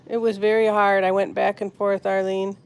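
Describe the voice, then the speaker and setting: A woman hosting a live stream from her phone, talking softly and sadly to viewers in the chat. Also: medium pitch, little pitch movement, normal speed, clean tone. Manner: soft, grieving, answering chat comments. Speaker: pet channel host.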